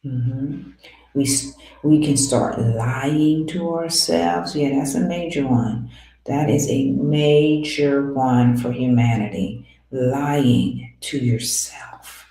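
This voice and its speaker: Super slow spiritual teacher, mellow dark voice, lots of whispery bits. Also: medium pitch. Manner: slow, earnest, rhetorical questions, drops into soft whispers; addresses listeners tenderly as dear ones. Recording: very echoey room.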